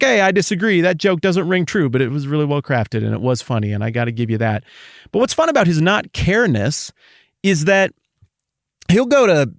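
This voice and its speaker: A middle-aged man hosting a podcast, talking in an animated, conversational way with rambling asides. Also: fairly high pitch, gravelly, no room sound, clean studio sound. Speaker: podcast host. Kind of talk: casual monologue.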